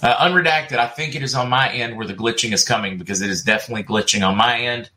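This livestream host, a middle-aged man, talks fast in a medium-pitched voice that sounds pushed and bright. He keeps things casual, reads out viewers' comments, and laughs frequently.

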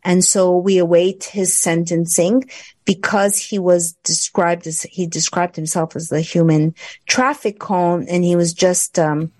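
A woman's voice: lowish voice, steady tone, a little slow, darkish tone, no room sound. A woman co-hosting a talk show, chatting in a rambling way with sarcastic asides. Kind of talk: casual chat.

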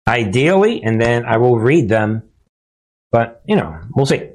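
A man's voice: medium pitch, big pitch swings, a little slow. Emphatic male commentary host. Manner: emphatic, punchy asides, repeated catchphrases; talks straight to viewers with frequent restarts. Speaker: host of a political commentary channel. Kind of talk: casual monologue commentary.

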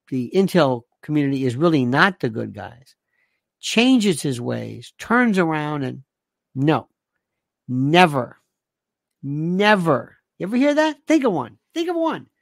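A man's voice: a little high, sing-song, slow pace, gravelly, no room sound. A man delivering a rambling monologue, firing off sarcastic rhetorical questions and repeating himself for emphasis.

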